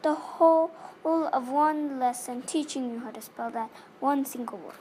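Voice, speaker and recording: A woman's voice: high voice, unhurried, warm tone, a little hiss or hum. A woman doing a barking, bullying headmistress. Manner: barking, snapping, sarcastic. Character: fierce bullying female headmistress.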